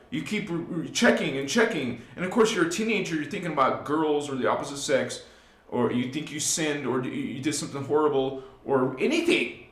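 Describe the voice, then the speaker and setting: A man with a fairly high voice gives a live spiritual talk to his viewers. He preaches with emphasis and speaks straight to his audience, dropping low and then rising loud. The room around him rings with echo. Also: expressive, moderate pace. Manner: emphatic, swings from hushed to loud; preachy, addresses listeners directly. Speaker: spiritual channel host.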